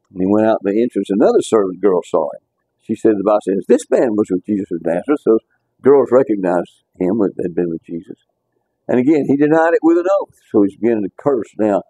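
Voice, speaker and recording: A man's voice: on the low side, expressive, fast talker, dark tone, dry recording. A man teaching a casual Bible class, talking conversationally and repeating words as he restarts his sentences.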